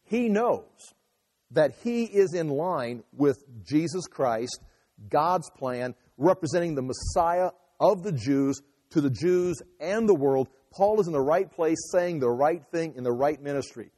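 A man's voice: fairly high pitch, lively intonation, unhurried, mellow, big-room sound. A man giving an emphatic sermon, often restarting and repeating phrases as he teaches. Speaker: pastor.

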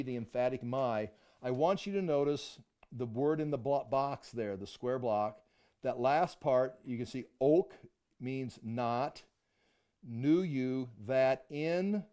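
A man's voice: medium pitch, mellow. A man teaching a Bible study class, thinking aloud and restarting his sentences often as he explains a passage to the group.

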